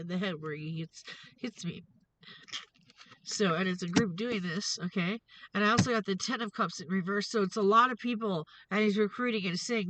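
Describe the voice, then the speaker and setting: A woman's voice: mid-range voice, fairly bright tone, slight background noise, rough recording. A woman hosting a tarot reading vlog, ranting in an angry, profane, confrontational way. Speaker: tarot reader and show host.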